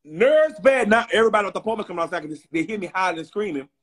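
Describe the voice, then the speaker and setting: A man telling a dramatic story to his viewers in a loud, slangy rant that bursts into shouting. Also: sits high, animated, very fast.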